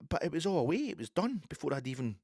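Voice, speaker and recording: A Scottish man in his fifties telling a rambling story in a casual monologue, full of restarts and sudden loud bursts. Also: a little high, sing-song, fast, breathy edge, no echo, clean studio sound. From Scotland. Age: 50s. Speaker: podcast host.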